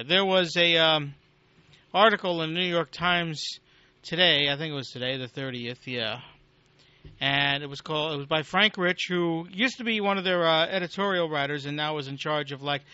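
A man's voice: a little high, bright, forceful tone, no echo. A man hosting a political talk radio show, ranting bluntly and sardonically and swearing casually. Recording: dull lo-fi recording.

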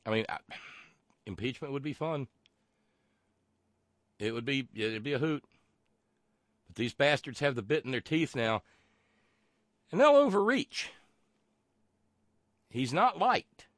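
Male call-in host, mid-pitched, blunt and profane, dry close recording. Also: sing-song, fairly bright tone, dry recording. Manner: blunt, profane, halting with restarts. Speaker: radio talk show host. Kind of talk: call-in radio talk.

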